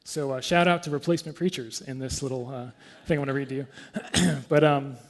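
A man pastor giving a conversational sermon, with fillers, and clearing his throat often. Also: mid-range voice, fairly even intonation, a little fast, in a large hall.

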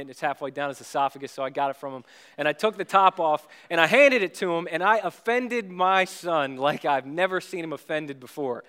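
Young male pastor, slightly higher pitch, animated and self-mocking storyteller. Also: clear, resonant tone. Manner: storytelling, self-deprecating humor, animated delivery. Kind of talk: sermon. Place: church.

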